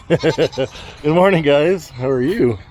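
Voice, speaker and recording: A fairly high-voiced man chats through a casual outdoor farm vlog. He sounds a little out of breath as he hurries, and he talks straight to his goats. Faint outdoor noise sits behind him. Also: slow pace. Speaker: homesteading vlogger.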